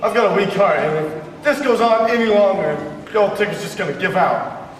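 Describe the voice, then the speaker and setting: A man's voice: high-pitched, lively intonation, slight background noise. A man on stage playing a nervous, blustering producer. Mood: frantic. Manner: blustering, hurried. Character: frantic nervous male producer. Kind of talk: live stage musical performance. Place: theatre stage. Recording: echoey hall from far off.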